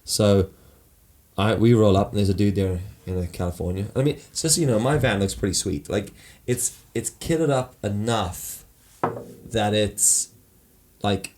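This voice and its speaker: A man co-hosting a podcast, telling a story in casual, animated chat, swearing and acting out quotes. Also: lowish voice, a little slow, a little hiss or hum. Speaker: podcast co-host.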